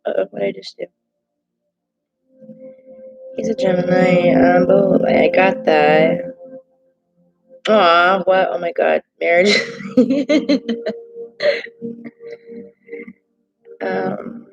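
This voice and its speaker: A woman's voice: fairly low pitch, level tone, unhurried, creaky, muffled recording, faint music behind. A woman doing a casual live-stream tarot reading from her laptop, chatty and emotional as she reacts aloud to viewer comments. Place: home desk at a laptop. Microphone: laptop microphone.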